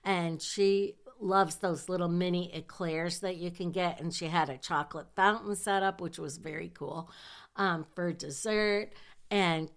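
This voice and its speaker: A woman who works as a nurse, telling a personal story in a lively, chatty way, dropping to hushed asides for effect. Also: lowish voice, unhurried.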